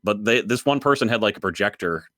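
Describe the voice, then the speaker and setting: Man, podcast co-host, very low voice, dry close sound, casual chat, rambling, laughs a lot. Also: lively intonation, fast talker, pushed and bright, no room sound. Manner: rambling, laughs often, many fillers.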